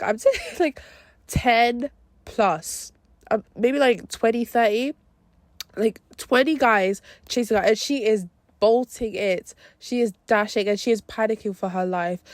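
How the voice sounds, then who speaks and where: A young woman hosting a podcast, reviewing a film in a casual, animated way full of slang and swearing. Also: mid-range voice, no room sound. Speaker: podcast host.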